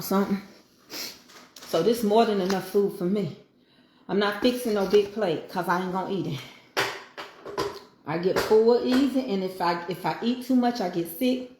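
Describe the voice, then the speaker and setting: A woman's voice: mid-range voice, moderate pace, long pauses, a little mellow, echoey room, a little hiss or hum. A middle-aged woman, chatting casually while she eats, with folksy, preachy asides. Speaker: home cooking vlogger. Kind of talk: casual chat while eating.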